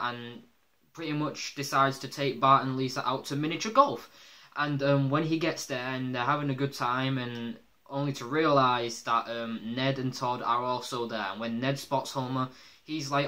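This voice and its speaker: A man's voice: mid-range voice, steady tone, moderate pace, bright, forceful tone. A man casually reviewing a cartoon episode, rambling with lots of fillers and laughter.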